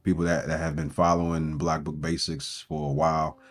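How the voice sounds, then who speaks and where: Deep-voiced man giving earnest breakup coaching. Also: little pitch movement, fairly quick. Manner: earnest, coaching, with strings of rhetorical questions. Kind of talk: motivational self-help talk.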